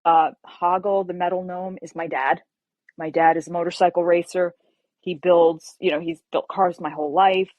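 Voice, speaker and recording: Woman novelist guest, low voice, animated, dry recording. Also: normal speed, no echo. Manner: animated storyteller, acts out quotes. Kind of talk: casual interview chat.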